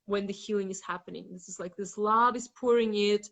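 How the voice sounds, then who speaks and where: A woman's voice: mid-range voice, steady tone, fairly quick, a bit bright. A woman guest in a casual spiritual chat, talking frankly with lots of "like" fillers and some swearing. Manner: rambling with many "like" fillers, frank and blunt with swearing; acts out inner voices dramatically. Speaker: guest facilitator.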